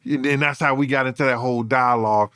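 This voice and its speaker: A man, a former bodyguard, telling stories in an interview with animated, profane speech that swings between loud and low. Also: fast, clean tone, dry recording, clean studio sound. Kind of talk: storytelling in an interview.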